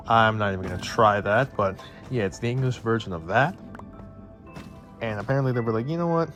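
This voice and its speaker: A man's voice: lowish voice, a little fast, fairly bright tone, soft background music. A young man from Maryland with a Baltimore accent, chatting casually through a video while getting sidetracked and laughing at his own slips. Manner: chatty, distracted, laughing at himself. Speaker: vlogger. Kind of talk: casual commentary over gameplay.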